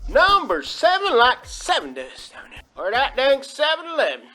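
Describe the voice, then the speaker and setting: High bright man hamming it up. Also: huge pitch swings, moderate pace, faint music behind. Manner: rambling folksy drawl, exaggerated, laughing often. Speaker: host of a countdown video. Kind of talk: comedic countdown rant.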